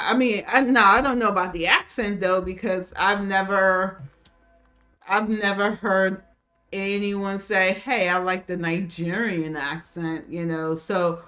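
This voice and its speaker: Woman cohost, rambling casual chat, lots of likes and um, mid pitch. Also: a bit bright. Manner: chatty, lots of fillers and restarts, laughs often. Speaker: co-host. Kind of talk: casual chat reacting to a video.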